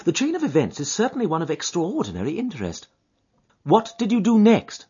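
A man putting on a keen, high-pitched detective. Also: huge pitch swings, brisk, dark tone, exaggerated voice. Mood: keen, probing. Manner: crisp, probing questions. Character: keen, brisk older male detective, sharp questioner. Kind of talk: audiobook character voice. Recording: dull lo-fi recording.

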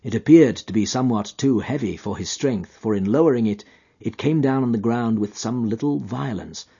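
A man narrating a literary story in an expressive, dramatic, drawn-out manner. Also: mid-range voice, husky, highs cut off. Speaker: audiobook narrator.

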